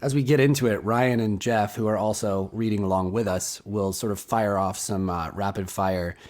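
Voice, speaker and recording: A man co-hosting a casual comedy chat show, playful and quick to laugh. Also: lowish voice, fairly even intonation, darkish tone. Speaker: co-host.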